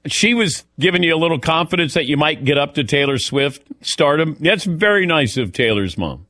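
Lively interview host asking short questions. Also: male voice, a little high, moderate pace. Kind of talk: casual interview.

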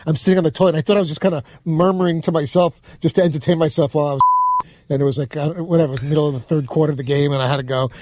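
Man, New York accent, fast, rambling, self-interrupting, slightly high voice, dry sound. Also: fairly even intonation, no echo. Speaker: show regular. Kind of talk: casual studio chat.

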